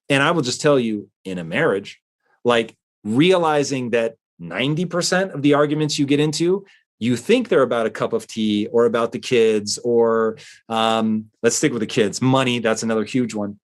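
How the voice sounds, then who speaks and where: Male talk-show host, mid-pitched, casual and earnest, explaining with lots of fillers. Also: moderate pace. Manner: conversational, with frequent fillers and restarts. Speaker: host answering a listener letter.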